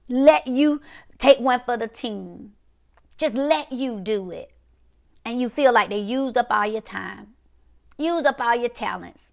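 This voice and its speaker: A woman's voice: a little high, vocal fry. Woman preaching in a rhythmic prophetic cadence. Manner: repetitive, call-and-response preaching cadence. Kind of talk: prophetic sermon.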